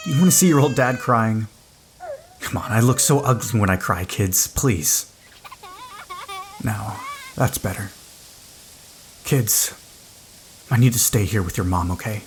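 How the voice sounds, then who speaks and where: A man's voice: fairly low pitch, slight background noise. A man voicing a desperate, tender father of two in an audio drama. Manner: gentle and soothing with children, pleading with strangers.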